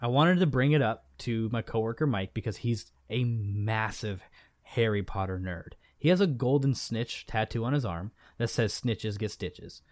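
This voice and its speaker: Chatting casually as a podcast co-host, this man speaks at normal speed with a medium pitch, rambling through many restarts and fillers. The recording is dry and studio quality.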